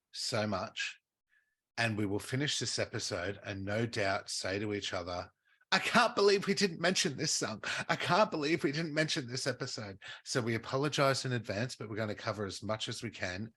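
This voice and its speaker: Aussie guy podcast cohost, kinda husky, lowish voice, laughs a lot while telling stories. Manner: animated storyteller, laughs often, acts out quotes. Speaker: podcast co-host. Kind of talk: casual chat.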